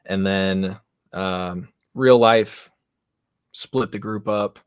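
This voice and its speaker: A man's voice: deep voice, drawn-out words, clear, resonant tone, no echo, clean studio sound. A man hosting a casual live-stream chat about tabletop games, rambling and self-deprecating. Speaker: podcast host and game master.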